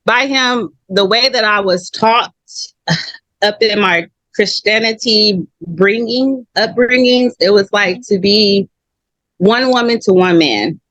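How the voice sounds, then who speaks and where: A woman's voice: medium pitch, slow pace, no room sound. A woman from Long Beach telling her own story as an interview guest, candid, acting out what others said. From Long Beach, California. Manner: animated, acts out quoted voices.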